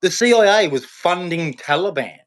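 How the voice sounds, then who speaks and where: This man's voice is high-pitched and animated, moving at a moderate pace as he hosts a live show. In a hot Queensland room he delivers unscripted commentary that's heated, rambling and repetitive, full of restarted sentences.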